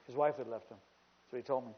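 A male pastor preaching a sermon, shifting from quiet storytelling to loud, emphatic declarations and repeating phrases for emphasis. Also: medium pitch, fairly even intonation, fast. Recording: dull lo-fi recording with long hall reverb.

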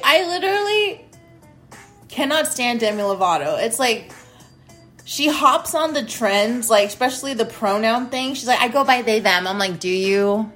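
A woman's voice: fairly high pitch, a bit bright. A woman hosting her own show, ranting casually in a blunt, profane, rambling way. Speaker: host. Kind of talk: casual rant to camera.

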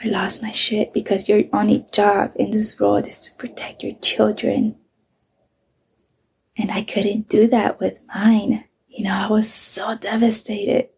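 A woman's voice: medium pitch, little pitch movement, a little slow, vocal fry, a little mellow, slight background noise. A middle-aged woman, a mother, candidly telling a painful personal story, swearing often and sometimes dropping to a whisper.

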